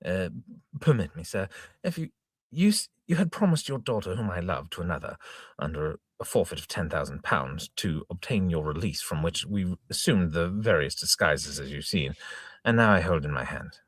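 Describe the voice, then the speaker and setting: Casting: a man as a polite young suitor, formal and measured, slightly husky. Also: sits low, lively intonation, dry recording. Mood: explaining.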